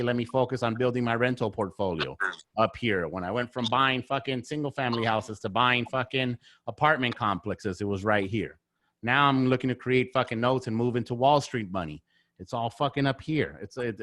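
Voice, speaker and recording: A man in casual podcast talk, with a mid-range voice that is neither high nor low. He is blunt and profane, and he stacks up repeated phrases for emphasis. The sound is dry and close, with no room echo. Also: moderate pace, a bit bright. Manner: blunt, heavy swearing, repetitive emphatic phrasing. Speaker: podcast guest, real estate investor.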